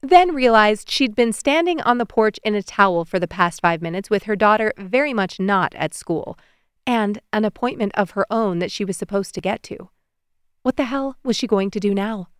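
A woman narrates an audiobook in an even, measured way. Her voice is smooth and clear, of middling pitch. The recording is dry and close, with no room sound. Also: dry recording.

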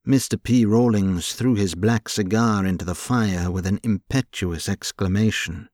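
A man with a fairly low voice narrates an audiobook from a script, telling the story in a measured, even way. The studio recording is clean, with no room sound.

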